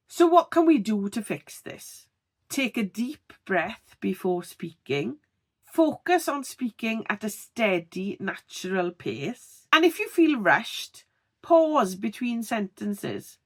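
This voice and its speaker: A woman giving a tutorial vlog on speaking clearly, expressive and deliberately over-articulating her words. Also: medium pitch. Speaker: video creator teaching on-camera speaking.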